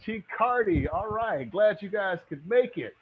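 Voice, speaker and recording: A middle-aged man teaching real estate in a live online webinar, energetic and motivational, often checking in with "okay?". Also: sits high, unhurried, narrow, tinny audio, slight background noise.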